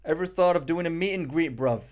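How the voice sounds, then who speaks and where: A man's voice: fairly high pitch, a little fast, darkish tone. A young man from Morocco chatting casually on a live stream, reading the chat and making self-mocking jokes. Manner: joking, self-mocking banter.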